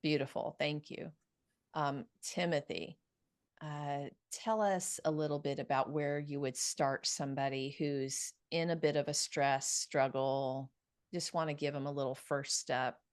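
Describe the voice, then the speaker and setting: A woman's voice: deep voice, fairly even intonation, measured pace, dry recording, studio quality. A woman hosting a casual panel discussion over a video call, talking with enthusiasm, riffing freely with frequent fillers. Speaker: host.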